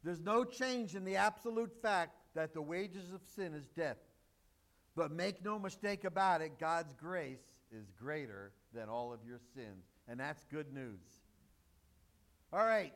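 A man's voice: a little high, expressive, a little slow, fairly bright tone. A male pastor preaching a sermon, emphatic and joking with the congregation.

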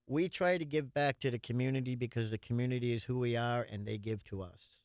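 A man talking as a guest on a radio show in an earnest, plain-spoken way, inviting people to a community event. His voice is smooth and clear, and it sits at an average pitch. The recording is dry and close. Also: brisk, darkish tone, dry recording.

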